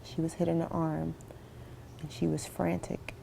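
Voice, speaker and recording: A middle-aged mother speaks with heavy vocal fry and a flat, low delivery. Her tone is dark, and she recounts the night in a measured, steady testimony to camera. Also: a little hiss or hum. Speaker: mother of a survivor.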